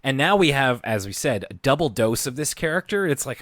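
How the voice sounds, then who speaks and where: A man's voice: medium pitch, expressive, normal speed, a bit bright, no room sound, clean studio sound. A man co-hosting a podcast in casual chat, agreeable and rambling, often restarting and stammering mid-sentence. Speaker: podcast co-host.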